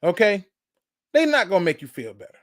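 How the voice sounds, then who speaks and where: A man's voice: high-pitched, wildly swooping pitch, brisk, a bit bright. A man hosting his own sports channel, delivering a fired-up fan rant that hammers the same points again and again. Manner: fired-up, preachy, repeats points.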